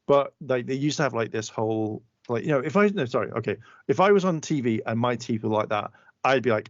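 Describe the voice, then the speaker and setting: A male podcast co-host with a medium-pitched, expressive voice talks briskly with few pauses, telling a rambling story in casual chat and swearing freely. There's no echo, but the audio is dull and muffled.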